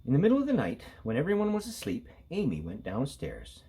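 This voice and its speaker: A man, an elementary school teacher, reading a picture book aloud to children in a playful, expressive way. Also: medium pitch, a little fast, breathy edge. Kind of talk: read-aloud storytelling for children.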